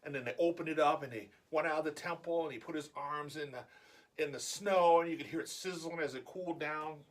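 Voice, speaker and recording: A man vlogging a casual personal story, animated and acting out the dialogue. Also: on the high side, brisk.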